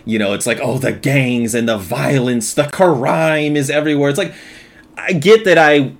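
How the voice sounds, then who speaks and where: A man in his thirties co-hosting a casual movie review chat, talking animatedly and slipping into loud mocking impressions. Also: medium pitch, moderate pace, vocal fry. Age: 30s. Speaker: podcast co-host.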